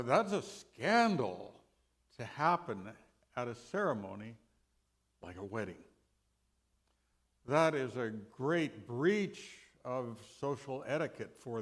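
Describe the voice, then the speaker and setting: Slow, deliberate male Bible teacher. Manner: slow, deliberate, dynamic rises and drops in pitch and loudness. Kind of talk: sermon teaching session. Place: church.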